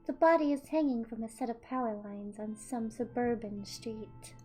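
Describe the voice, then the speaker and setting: Reading a visual novel aloud in character, a woman voices a smug psychopathic young woman who fakes deaths, gloating with a cold smirk. Her natural voice sits high but stays low and hushed at a moderate pace, while soft music plays faintly beneath.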